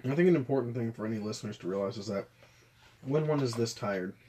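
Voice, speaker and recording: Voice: medium pitch, fast, dark tone, a little hiss or hum. A tired podcast co-host talking casually, with dry, sarcastic teasing. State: tired, sleepless. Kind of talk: casual chat.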